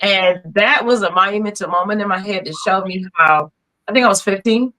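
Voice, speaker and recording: Bright-voiced woman telling lively stories. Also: mid-range voice, fairly quick, low-quality recording. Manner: animated storyteller, laughs through her stories. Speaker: podcast guest, singer. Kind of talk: casual chat.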